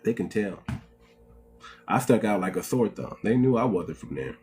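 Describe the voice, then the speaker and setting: A man's voice: lowish voice, lively intonation, normal speed, a little mellow, slight background noise. A man hosting a casual livestream, preaching to viewers, calling them "family" and asking rhetorical questions. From United States. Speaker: livestream host.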